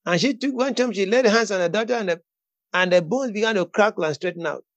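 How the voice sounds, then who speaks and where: A man preaching, who moves from quiet teaching into bold, emphatic declarations and often repeats words as he builds up. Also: high-pitched, quick pace, dry recording. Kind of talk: sermon with prayer call-in.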